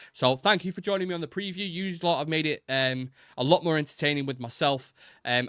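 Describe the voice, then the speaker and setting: A man's voice: on the high side, bright, forceful tone, clean tone, no echo, clean studio sound. A man hosting a live football chat stream, blunt and sweary, reading out and answering viewer comments. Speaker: host.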